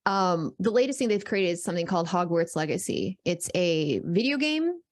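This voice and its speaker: A woman co-hosting a live stream, addressing her chat in an animated way and repeating words as she builds up. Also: lowish voice, normal speed. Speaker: podcast co-host.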